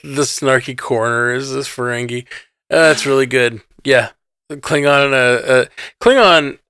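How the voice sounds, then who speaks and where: Male podcast co-host, relaxed and chatty, mid-range voice, dead-dry sound, laughs often. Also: mid-range voice, normal speed, clear, resonant tone, dry recording. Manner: easygoing, laughs often, trails off mid-thought. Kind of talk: casual chat.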